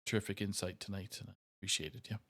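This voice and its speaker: Deep-voiced man hosting a stream sign-off. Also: gravelly, a bit bright. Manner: halting, many filler pauses. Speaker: esports stream host. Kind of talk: casual live-stream sign-off.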